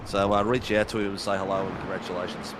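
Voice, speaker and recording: A man's voice: sits low, little pitch movement, fast, heavy background noise. A man co-commentating a sim race in a laid-back, matter-of-fact way.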